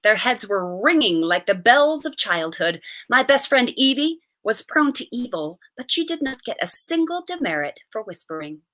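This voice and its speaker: A woman reading a short story aloud with an expressive, animated delivery. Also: fairly high pitch, moderate pace, hardly any pauses. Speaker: reader.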